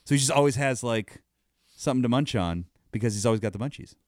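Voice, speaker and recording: A man's voice: medium pitch, fast talker, no echo, clean studio sound. A man in his thirties co-hosting a casual chat, joking, laughing often and swearing. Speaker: podcast co-host.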